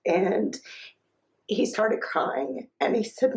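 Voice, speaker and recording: A woman in her thirties, a mother telling her child's story in a documentary interview, speaking in a halting, personal way with pauses. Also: fairly low pitch, vocal fry, darkish tone, poor audio.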